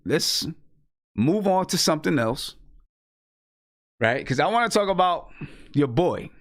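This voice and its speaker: A man's voice: fairly high pitch, big pitch swings, a little slow, dry recording, studio quality. Laid-back man hosting a podcast. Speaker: podcast host. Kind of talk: casual opinion chat.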